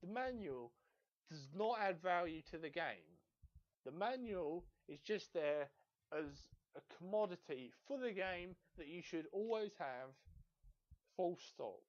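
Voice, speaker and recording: A man's voice: high-pitched, expressive, takes it slowly. A young man hosting a gaming video, ranting in exasperation and swearing constantly. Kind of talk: profane ranting review. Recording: dull lo-fi home recording.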